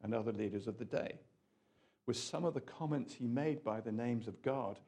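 A man preaching a sermon in an animated, rambling way, full of asides and questions to the audience. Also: medium pitch, moderate pace, slightly rough.

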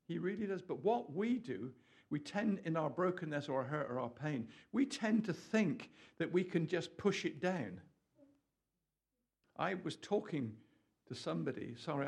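A man preaching a lively, jokey sermon, with asides to his audience. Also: a little high. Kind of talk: lively sermon to a small group.

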